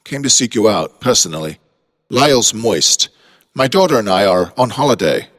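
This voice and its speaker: A man's voice: on the low side, big pitch swings, moderate pace, fairly bright tone, big-room sound. A man voicing a polite, uneasy British father on holiday, speaking with a British accent in formal, apologetic phrases.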